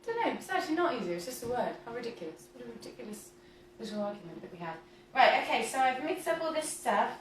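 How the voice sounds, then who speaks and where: A woman's voice: on the high side, sing-song, fast talker, hardly any pauses, a little hiss or hum. A woman in her thirties hosting a casual home cooking livestream. She chats, giggles and reads viewer comments aloud while baking. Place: home kitchen, indoors. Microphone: camera mic at a distance. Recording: roomy kitchen from a distant mic.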